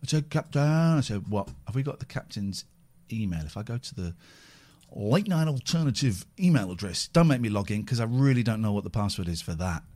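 A man hosting a casual podcast, animated and prone to repeating himself with stammering restarts. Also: on the low side, brisk. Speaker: podcast host. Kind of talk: casual chat.

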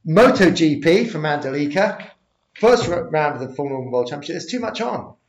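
A man's voice: a little high, animated, fairly quick. A middle-aged man hosting a casual sports chat, steering the talk and jumping from topic to topic. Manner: chatty, runs the show, jumps between topics. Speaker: podcast host. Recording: roomy, dull lo-fi recording.

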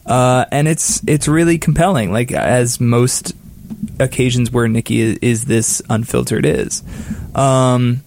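A man's voice: medium pitch, vocal fry, a little mellow, a little hiss or hum. A man on a music podcast panel, talking casually with frequent fillers and restarts. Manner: halting, many fillers and restarts. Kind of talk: casual chat.

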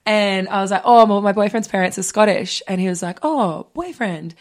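A woman, co-hosting a podcast and telling stories in lively casual chat, acting out what people said. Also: mid-range voice, quick pace. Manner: animated storyteller, acts out quotes. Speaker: podcast co-host.

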